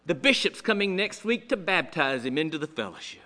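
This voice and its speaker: A man's voice: a little high, very animated, brisk, pushed and bright, voice pushed down. A man voicing a male priest in a joke, telling in a folksy way how he tamed a bear. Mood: boastful. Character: male Catholic priest boasting of taming a bear.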